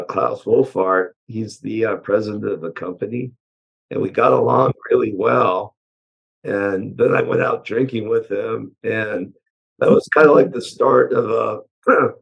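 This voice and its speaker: A man with a hoarse voice from allergies, a chassis engineer guest answering interview questions in a relaxed way, with many pauses and "uh"s. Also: fairly low pitch, lo-fi sound. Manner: relaxed, hesitant with frequent "uh" and "um". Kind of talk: casual technical interview answers.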